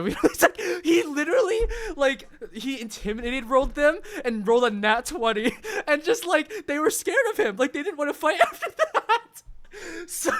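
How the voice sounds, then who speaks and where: Lively young man telling a story. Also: very high voice. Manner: rambling, lots of fillers, laughs through the story. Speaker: streamer. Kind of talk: casual storytelling.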